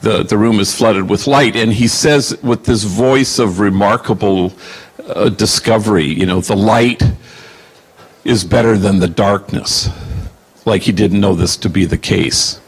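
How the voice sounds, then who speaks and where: A man in his sixties with a lowish voice answers audience questions as a Jesuit priest. He tells stories slowly and reflectively, pausing with fillers as he searches for words. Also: husky. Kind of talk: Q&A storytelling.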